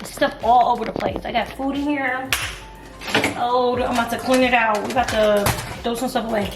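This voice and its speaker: A young woman with a hoarse voice, chatting casually to her camera at home and calling the viewer "girl" and "y'all". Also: a little high, fairly even intonation, moderate pace, far from the mic. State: hoarse from singing. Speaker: vlogger. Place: home apartment, kitchen and bathroom. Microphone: camera on a tripod. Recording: echoey room with music behind.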